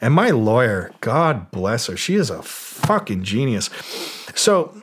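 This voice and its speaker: A man from Canada, somewhere in his forties, telling a story loosely in a podcast interview. His voice sits at a middling pitch. He swears often, keeps saying "like" and "you know", and mimics the people in his anecdote. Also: very animated, takes it slowly, a little hiss or hum. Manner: profane, rambling anecdotes full of fillers, acting out quoted voices. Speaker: guest, music producer and DJ.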